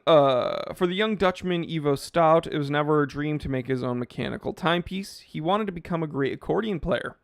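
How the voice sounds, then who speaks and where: A man hosting a live reaction stream about watches. He talks in a fairly high voice, full of sarcasm and fillers, and keeps breaking into mock-angry rants aimed at his chat. The sound is dry and close, with no room around it. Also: dry recording. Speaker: watch YouTuber host.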